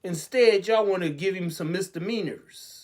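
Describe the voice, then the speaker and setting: A man's voice: sits high, normal speed. A man hosting a web talk show, speaking in a sarcastic, preachy way that is full of rhetorical questions.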